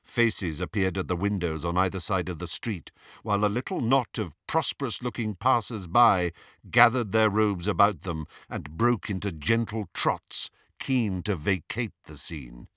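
A man narrating an audiobook in an expressive, storytelling manner. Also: low-pitched, a little slow, dry recording, clean studio sound.

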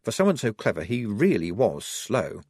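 A male audiobook narrator with a wry, expressive delivery and a lively, swooping pitch. His voice sounds dry and close to the mic. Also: moderate pace, breathy edge, no echo.

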